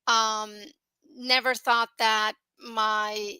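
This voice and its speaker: Earnest, bright-voiced woman sharing her story. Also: a little high, level tone, drawn-out words, smooth, no room sound, low-quality recording. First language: grew up in the US with an Indian-accented English. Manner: earnest, many fillers like "you know". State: tearful at times. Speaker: guest sharing business success. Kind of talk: emotional personal testimonial.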